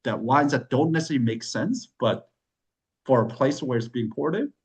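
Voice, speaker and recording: A man hosting a wine club chat, casually telling a long story, swearing and acting out other people's lines in quick bursts. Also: rough recording. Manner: animated, swears, acts out quoted voices with big pitch jumps.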